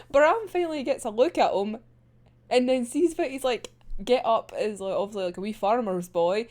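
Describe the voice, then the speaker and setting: A woman's voice: on the high side, expressive, normal speed, a little mellow. A woman hosting a casual manga chapter review, laughing often and swearing freely as she gushes like a fan. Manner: giggly, laughs often between sentences; gushing fan enthusiasm.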